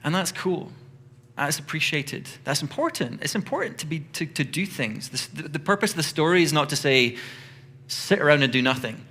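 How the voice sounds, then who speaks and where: A man preaching a sermon as pastor, telling the story in an animated, conversational way. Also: fairly high pitch, moderate pace, husky.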